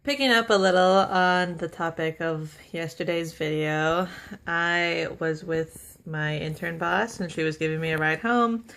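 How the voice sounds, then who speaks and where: A young woman talks casually to the camera in a somewhat low-pitched voice. She gushes with enthusiasm, laughs often and runs her thoughts together with plenty of fillers. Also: measured pace, fairly bright tone. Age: young adult. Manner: chatty with many fillers and run-on sentences. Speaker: vlogger.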